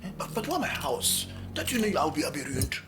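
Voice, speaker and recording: A nervous Nigerian husband who stammers as he pleads to keep his secret. His pitch moves widely, and clear music sits under the scene. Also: very animated, fast talker. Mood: pleading. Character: nervous adult man hiding debts from his wife. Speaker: husband in debt.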